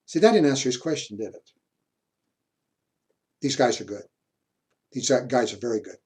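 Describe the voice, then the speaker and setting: A man gives a university history lecture at a mid-range pitch. He drifts into personal stories in a chatty, easygoing way and chuckles often as he talks. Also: animated, normal speed, darkish tone. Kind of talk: classroom lecture with anecdotes.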